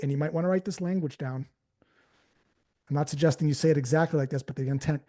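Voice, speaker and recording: A man coaching a sales team live on stage, energetic and conversational, acting out phrasings as he goes. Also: a little high, a little fast. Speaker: sales trainer. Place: on stage before an audience.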